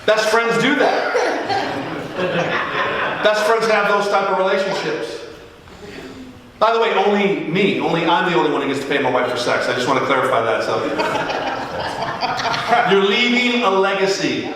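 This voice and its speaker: A middle-aged man preaching a sermon as a joking, animated storyteller who acts out the dialogue. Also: high voice, moderate pace, pauses often, crowd noise. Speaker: pastor. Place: large church hall. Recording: echoey church hall from a distance.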